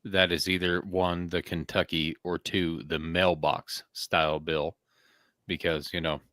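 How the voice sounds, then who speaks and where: A man's voice: sits low, flat delivery, measured pace, a bit bright, no echo, clean studio sound. A man co-hosting a podcast, ribbing his friends with jokey asides. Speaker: podcast co-host. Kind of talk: casual banter.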